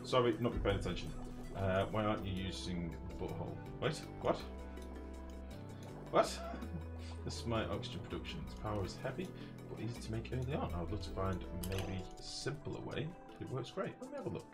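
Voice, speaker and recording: A deep-voiced man chatting through a live game stream, swearing freely and teasing himself and his viewers. His pitch swings widely as he reacts, and music plays behind his talk. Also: sing-song, fairly quick. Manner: chatty, profane, teasing, self-mocking. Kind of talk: casual live-stream commentary.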